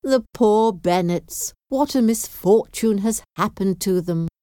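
A woman's voice: mid-range voice, slow, dark tone, dry recording, clean studio sound, pitched above the performer's own voice, close to an everyday voice. A woman reading aloud voices gossiping townsfolk who speak in an exclaiming way. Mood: gossipy.

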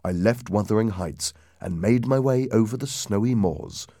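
A man narrating a ghost story aloud in a lively, dramatic reading that drops low and hushed for suspense. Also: moderate pace, no room sound, studio quality.

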